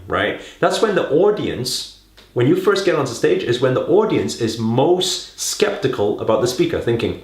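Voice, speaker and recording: Animated man coaching, echoey room. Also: medium pitch. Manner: coaxing, fills talk with rhetorical questions and "right?". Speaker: public speaking coach. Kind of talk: direct-to-camera teaching.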